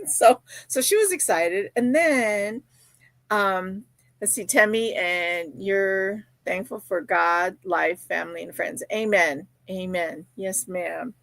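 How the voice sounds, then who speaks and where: A woman's voice: mid-range voice, slow, gravelly, no echo. A woman hosting a crochet live stream, chatting casually, reading viewer comments and telling stories with many fillers. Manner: chatty and storytelling, with quoted voices and fillers. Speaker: crochet livestream host. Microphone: streaming setup.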